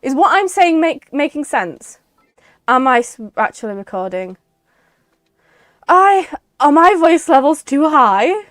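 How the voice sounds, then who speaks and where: A young woman chatting casually while playing a game, rambling and breaking into excited exclamations. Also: high-pitched, unhurried, pauses often, no echo. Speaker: streamer.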